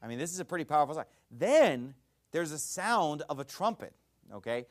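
A man preaching an expository sermon, animated and folksy, often checking in with his listeners. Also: a little high, a little fast.

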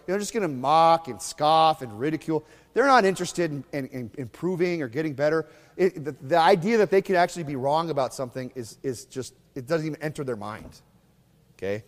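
A man preaching a sermon in a fiery, mocking way, swinging between loud bursts and hushed asides. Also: a little high, big-room sound. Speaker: pastor.

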